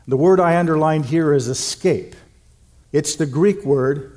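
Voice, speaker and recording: Middle-aged male pastor, sermon delivery, emphatic and earnest, a touch high-pitched. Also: a little mellow. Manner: earnest, emphatic preaching with slow stressed phrases.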